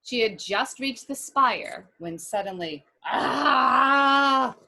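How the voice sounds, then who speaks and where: A woman reading a children's picture book aloud, with animated asides to her listeners. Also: mid-range voice, unhurried.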